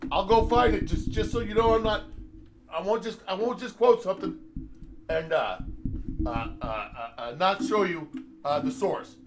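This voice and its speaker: A man's voice: sits high, moderate pace, background noise. A man on a heated, profane political rant, sarcastic and rambling, with many filler sounds as he talks. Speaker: host.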